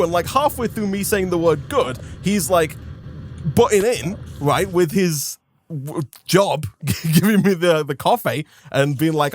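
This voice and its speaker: A young man ranting about a pet peeve in casual banter, animated and mock-outraged. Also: high-pitched, a little fast, a little hiss or hum. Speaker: co-host.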